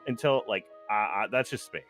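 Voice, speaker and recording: A man co-hosting a podcast who talks in an animated, casual way, laughs often and swears freely. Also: on the low side, fairly quick, soft background music. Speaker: podcast co-host. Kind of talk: casual chat.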